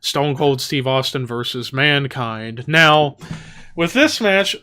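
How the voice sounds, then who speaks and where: A man's voice: medium pitch, expressive, slow, pushed and bright, smooth. A man co-hosting a casual wrestling podcast, recapping events and slipping into playful impressions. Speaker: podcast co-host.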